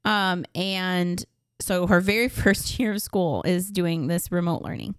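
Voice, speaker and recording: A woman's voice: lowish voice, unhurried, clear, resonant tone, no room sound, studio quality. A woman in her thirties co-hosting a podcast, telling stories animatedly and laughing often. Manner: animated storytelling, mimics voices, laughs often. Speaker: podcast co-host. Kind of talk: casual chat.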